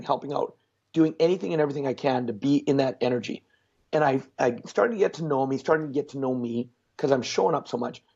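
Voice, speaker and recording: A man being interviewed as a success coach, telling stories in an animated, blunt way with mild swearing. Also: medium pitch, breathy edge, muffled recording. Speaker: guest speaker, success coach. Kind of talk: storytelling in a conversational interview.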